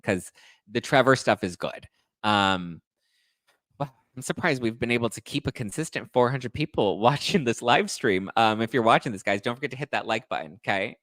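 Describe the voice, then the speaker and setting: A man hosting a podcast live stream, giving a sassy, animated recap of reality TV and checking in with "okay?" and "right?". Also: medium pitch, normal speed, no echo. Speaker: podcast host.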